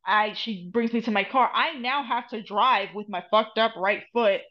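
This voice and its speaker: New jersey woman, guest storyteller, swears a lot, slips into spanish, high voice, muffled lo-fi audio. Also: normal speed. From United States. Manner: profane, animated, mixes in Spanish phrases. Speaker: podcast guest, Reiki master and tarot reader. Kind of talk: casual storytelling chat. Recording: dull lo-fi podcast audio.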